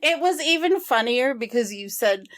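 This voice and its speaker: A woman co-hosting a podcast in casual chat, relaxed and amused, laughing often. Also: fairly high pitch, moderate pace. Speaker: podcast co-host.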